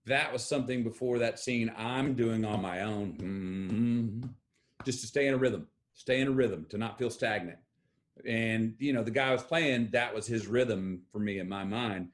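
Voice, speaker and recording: A man's voice: lowish voice, normal speed. A man with a Texan accent, a guest in an interview, telling stories emphatically and acting out quoted voices. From Texas. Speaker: guest actor. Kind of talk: animated storytelling interview.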